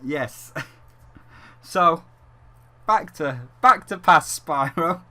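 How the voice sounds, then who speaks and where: A man's voice: a little high, lively intonation, drawn-out words, pushed and bright. A man hosting a gaming vlog, rambling and joking, swearing freely and talking as a dragon persona. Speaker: gaming channel host. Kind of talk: casual gaming vlog commentary.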